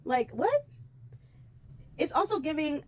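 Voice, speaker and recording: A woman ranting bluntly on camera, swearing freely and talking in an animated, exasperated way. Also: high voice, slow pace. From United States. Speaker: vlogger. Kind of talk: casual commentary rant.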